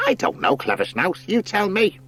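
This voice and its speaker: A surly vermin crewman who sneers at everything, as a male reader puts him on. The voice sits slightly above his usual low register and carries a dismissive edge. A storybook creature. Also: sing-song, moderate pace, fairly bright tone, slightly rough, heavily acted. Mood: sneering. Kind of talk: audiobook character voice.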